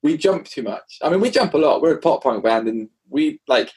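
A man, a pop punk musician guest, telling tour stories in an animated, swearing, casual way. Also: fairly high pitch, fairly quick, breathy edge, low-quality recording. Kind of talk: casual interview chat.

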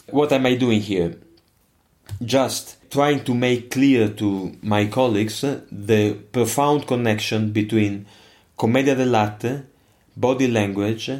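Older man, non-native speaker with an Italian accent, emphatic, somewhat low voice. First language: not English. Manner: expressive, emphatic, digressive. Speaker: musician guest. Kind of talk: interview answers.

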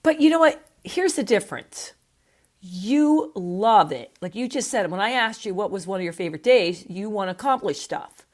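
Woman host, casual chat, frank, excitable, swears casually. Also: mid-range voice, normal speed. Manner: frank, enthusiastic interviewer who swears casually.

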